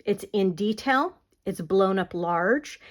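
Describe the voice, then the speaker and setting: Woman teaching art, chatty and unhurried. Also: mid-range voice, lively intonation. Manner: conversational, explaining with many fillers and checks. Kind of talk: casual online art lesson.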